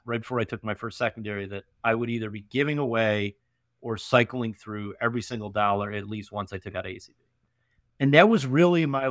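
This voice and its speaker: A young man from upstate New York, telling his story as a podcast guest in an emphatic, animated way full of fillers and tag questions. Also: lowish voice, no echo, studio quality. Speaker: podcast guest, venture investor. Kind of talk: casual interview storytelling.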